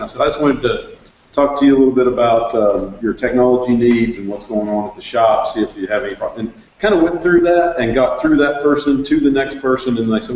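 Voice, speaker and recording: A man's voice: medium pitch, fairly quick, darkish tone, slight background noise. A salesman telling a story at a workshop, acting out phone calls in changed voices. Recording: echoey room, dull lo-fi sound.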